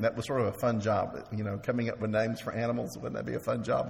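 A man preaching a sermon as pastor, halting and repeating words while he asks the congregation questions. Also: mid-range voice, steady tone, vocal fry, a little mellow. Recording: long reverb of a large hall.

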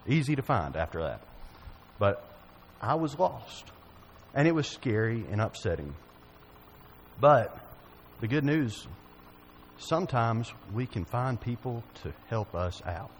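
A man's voice: on the low side, a little hiss or hum, poor audio. A man preaching a sermon, telling a folksy personal story and asking his listeners questions.

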